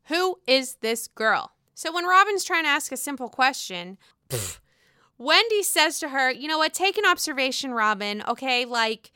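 A woman's voice: high-pitched, very animated, normal speed, pushed and bright, no room sound, clean studio sound. A woman recapping a reality show episode in a casual, opinionated rant, swearing freely and sounding exasperated with the cast. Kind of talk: casual profane recap commentary.

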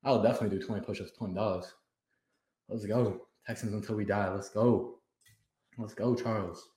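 A man's voice: on the low side, fairly even intonation, fairly quick, mellow. A young man in his twenties hosting a casual livestream at home, hyped and slangy, laughing often as he chats. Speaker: host of a fan livestream. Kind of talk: casual live chat. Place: room at home. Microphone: camera set on the floor. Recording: roomy echo.

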